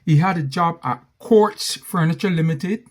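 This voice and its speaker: Slow, emphatic male storyteller. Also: fairly high pitch. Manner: slow, emphatic, repeats key phrases. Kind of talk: spoken storytelling monologue.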